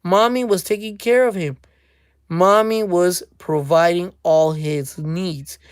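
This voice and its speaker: A woman's voice: fairly low pitch, takes it slowly, clean tone, dry recording. Dry-voiced woman ranting on camera. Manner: mocking, speculative, repeats phrases. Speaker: commentary channel host. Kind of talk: casual commentary rant.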